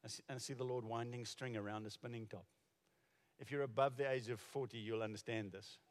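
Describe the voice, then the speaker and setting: A man's voice: medium pitch, fairly even intonation, a little fast. A man in his forties or older, a pastor preaching a sermon and telling stories conversationally, with frequent restarts. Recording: reverberant hall.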